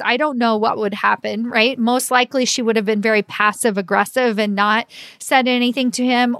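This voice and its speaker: A woman's voice: fairly high pitch, a bit bright, no echo, clean studio sound. A middle-aged woman, a leadership coach talking through a solo podcast episode in an earnest, chatty way, full of "like" and "right?". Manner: conversational, fillers like "like" and "right?".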